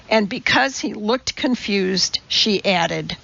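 A woman narrates a story in a slow, deliberate reading voice with a gravelly, fry-tinged texture. The recording sounds slightly dull and muffled. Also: medium pitch, fairly bright tone. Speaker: audiobook narrator. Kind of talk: scripted narration.

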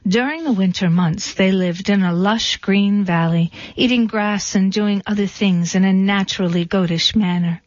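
A woman reading a storybook in a dry, deadpan way. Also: mid-range voice, moderate pace, few pauses, no echo. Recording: dull, dry recording.

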